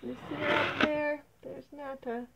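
A woman reading a children's picture book aloud in a gentle, expressive, unhurried way. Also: high-pitched, gravelly, heavy background noise. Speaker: storybook reader.

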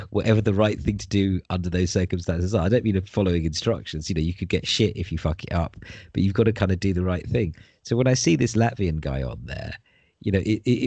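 A man's voice: low voice, a little mellow, husky, no room sound. A man in casual conversation, talking in a rambling, discursive way with the odd swear word.

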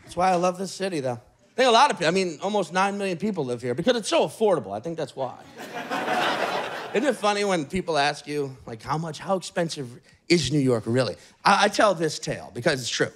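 A man doing stand-up, telling a story in a casual, animated way at a live show. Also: sits high, fast, heavy background noise. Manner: animated, conversational, swearing. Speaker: stand-up comedian. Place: live show before an audience. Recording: live mic with crowd laughter.

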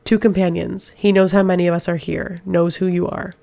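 Stern fae prince guy as a woman reads him, curt and dry, slightly gravelly. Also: lowish voice, little pitch movement, a little fast, warm tone. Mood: guarded. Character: stern male Fae warrior prince, terse.

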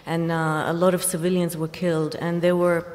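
Woman, low voice, panel speaker, measured and reflective, long hall reverb. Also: little pitch movement, darkish tone. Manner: measured, recounting with pauses. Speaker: panelist journalist. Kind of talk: panel discussion. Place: large festival hall.

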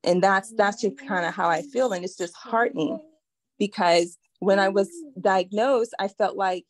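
An earnest woman in her forties speaks on a video call, her words heartfelt and halting as emotion rises. Her voice sits at a middle pitch, and the sound is dry and close. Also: no room sound. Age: 40s. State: getting emotional. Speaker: participant sharing her experience. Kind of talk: emotional personal testimony.

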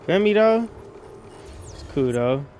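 Excitable slangy man playing a game. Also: sits high, slow pace. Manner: slangy, excitable, yelps when startled. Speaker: gaming streamer. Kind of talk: casual let's-play commentary. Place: dark room at night.

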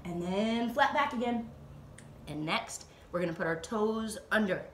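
Slow, gentle woman leading kids' yoga. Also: medium pitch, expressive, echoey room, slight background noise. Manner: slow, playful, with animal sounds. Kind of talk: gentle guided yoga instruction for children. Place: at home, dog nearby.

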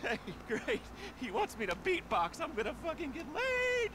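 A man's voice: extremely high pitch, moderate pace, a crowd in the background, exaggerated voice. An actor playing a brash, boastful and slightly desperate male DJ hosting a club opening. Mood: hyped. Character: boastful washed-up male party DJ. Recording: game audio with steady noise.

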